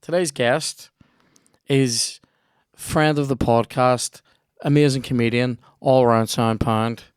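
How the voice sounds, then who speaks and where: A young Northern Irish man hosts a podcast in a cheeky, rambling way, with plenty of swearing. His voice is smooth and resonant. The sound is dry and close. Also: mid-range voice, fairly even intonation, slow, no echo. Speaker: podcast host. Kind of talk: casual podcast chat and ad read.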